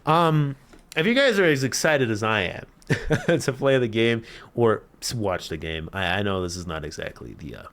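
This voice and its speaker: A young man reacting to a game trailer in casual commentary, excitable and slangy, swearing freely. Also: on the low side, moderate pace. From Canada. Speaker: gaming YouTuber.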